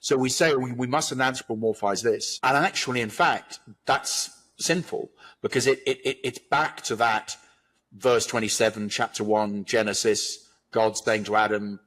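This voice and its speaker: A man's voice: medium pitch, steady tone, moderate pace, fairly bright tone. A man in a reflective conversation, talking in a thoughtful, expansive, philosophical way. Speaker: guest commentator.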